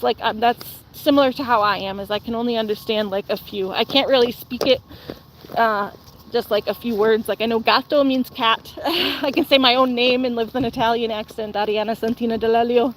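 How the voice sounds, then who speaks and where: A woman's voice: a little high, moderate pace, a little hiss or hum. Young woman streamer, casual rambly chat, faint outdoor ambience behind her. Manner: rambling, lots of "like" and "um", answers viewer comments.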